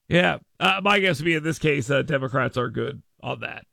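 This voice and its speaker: A man hosting a talk radio show, delivering a sarcastic, mocking monologue that swings from mutters to loud outbursts. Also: medium pitch, animated, normal speed, gravelly, hardly any pauses, no room sound.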